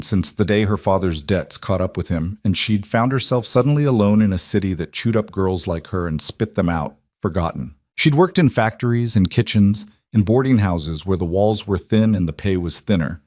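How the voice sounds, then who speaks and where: Male narrator, low register, dead-dry booth sound; calm, measured storytelling. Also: no room sound. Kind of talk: scripted narration.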